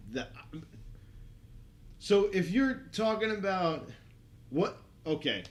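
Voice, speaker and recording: A man's voice: sits high, big pitch swings, takes it slowly. Joking man chatting on a podcast. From New Jersey. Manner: joking, laughs often, puts on movie voices. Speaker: podcast host. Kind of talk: casual chat.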